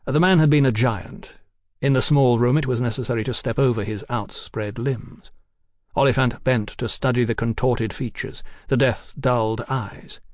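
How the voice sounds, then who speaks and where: Dry, measured male audiobook narrator. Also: medium pitch, darkish tone, dry recording. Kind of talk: scripted narration of a novel.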